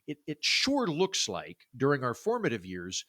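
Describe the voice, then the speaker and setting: A man from Oklahoma with a baritone voice, talking casually as a podcast guest, with lots of fillers and restarts. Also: huge pitch swings, moderate pace, sharp tone, no room sound, clean studio sound. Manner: chatty, many fillers and restarts. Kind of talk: casual interview talk.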